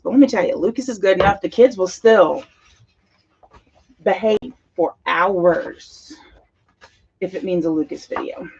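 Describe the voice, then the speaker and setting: A middle-aged woman with a mid-range, creaky, darkish and slightly rough voice chats away and gushes while working on a scrapbook page at her craft desk. She's a teacher who hosts a crafting channel, and the recording sounds muffled.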